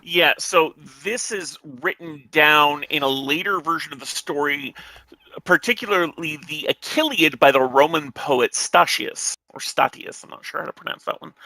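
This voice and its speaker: A man's voice: fairly high pitch, animated, moderate pace, pushed and bright, dry recording, rough recording. A man co-hosting a casual talk about a classic poem, hesitant and careful as he reads lines aloud and explains them. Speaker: podcast co-host. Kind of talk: casual discussion.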